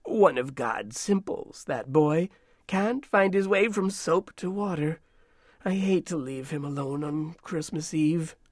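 Male narrator doing a sharp-tongued, mothering old dame in a storybook, high and close. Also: expressive, takes it slowly, no echo. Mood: muttering. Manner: scolding, mothering. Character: fussy, sharp-tongued but caring older woman. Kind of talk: storybook reading.

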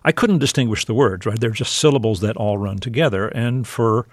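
A man's voice: on the low side, brisk, no echo, clean studio sound. A man hosting an interview, asking curious, conversational questions. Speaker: interviewer host.

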